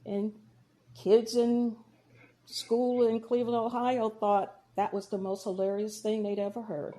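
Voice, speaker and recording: A woman's voice: fairly high pitch, little pitch movement, unhurried, mellow. A woman from Georgia with a Midwestern accent, a podcast guest and deacon sharing her personal testimony, telling stories and acting out the dialogue. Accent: Midwestern American. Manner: storytelling, acts out quoted dialogue.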